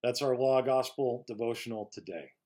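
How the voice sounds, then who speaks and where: A man pastor giving a slow, emphatic devotional sermon, rising to stress key words and dropping softly at phrase ends. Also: mid-range voice.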